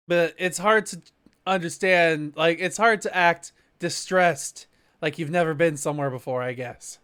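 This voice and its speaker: A man co-hosting a casual movie review podcast, giggly and quick with questions. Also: fairly high pitch, a bit bright, clear, resonant tone. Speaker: podcast co-host.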